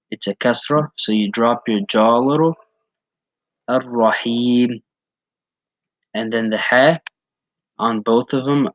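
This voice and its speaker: A man teaching how to pronounce a recitation step by step, patiently repeating words slowly to demonstrate each sound. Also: lowish voice, fairly bright tone, no echo, rough recording. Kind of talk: step-by-step pronunciation lesson.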